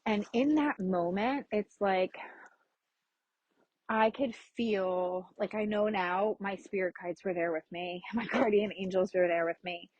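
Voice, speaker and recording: A woman's voice: medium pitch, measured pace, darkish tone, no room sound, dull audio. A woman hosting her own podcast, candidly telling a personal story in a frank, casual way that includes swearing. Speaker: podcast host.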